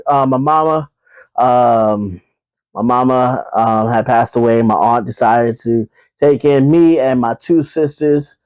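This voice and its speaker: A man talks through a solo podcast episode in a loose, chatty way, circling back with fillers and repeats and calling his listeners y'all. His voice sits at an ordinary middle pitch. The sound is dry and close, with no room echo. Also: a little mellow. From Brooklyn, New York. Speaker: podcast host. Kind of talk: casual solo podcast monologue.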